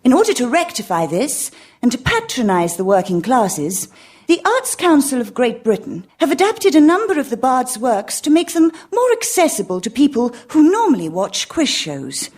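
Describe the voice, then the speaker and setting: A woman's voice: high-pitched, very animated, normal speed, a little mellow. Mock-solemn woman announcer. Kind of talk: 1980s radio sketch comedy.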